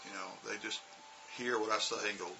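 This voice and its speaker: Gravelly low-voiced man rambling. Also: brisk, over music. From United States. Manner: rambling and relaxed, full of "you know" and "uh" fillers. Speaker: English teacher. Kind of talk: casual storytelling vlog.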